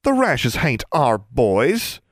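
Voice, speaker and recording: A man's voice: medium pitch, huge pitch swings, no room sound, clean studio sound, voice pushed up, exaggerated voice. A man doing an earnest old-fashioned teenage girl. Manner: quaint dialect, slow and earnest. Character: proper, pleading teenage girl.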